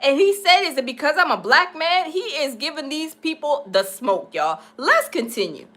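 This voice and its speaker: A woman's voice: high voice, moderate pace. A woman hosting a live stream, chatting casually and laughing as she reacts to a video for her viewers. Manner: animated, laughing, addresses viewers as y'all.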